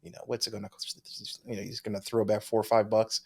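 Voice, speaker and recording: A podcast co-host with a lowish, creaky, slightly rough voice reads listener mail fast in a level tone. He's chatty, laughs often, and trails off mid-sentence in this casual chat.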